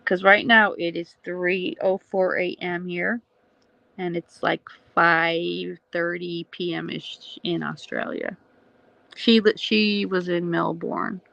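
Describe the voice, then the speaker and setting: A woman with a gravelly, crisp and bright voice hosts a casual late-night livestream from home. She rambles chattily and keeps turning to answer viewers' comments. The sound is close and dry. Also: lowish voice, fairly even intonation, slow pace, no room sound, dull audio. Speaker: livestream host.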